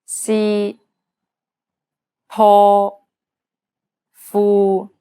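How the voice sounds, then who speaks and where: A woman modeling single syllables for learners, speaking deliberately. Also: mid-range voice, completely flat delivery, mellow, smooth, no echo. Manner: deliberate, measured. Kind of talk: slow drilled syllables.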